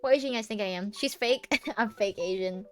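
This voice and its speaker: A woman's voice: mid-range voice, a little fast, soft background music. A young American woman streaming live, chatting casually and playfully with many restarts. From United States.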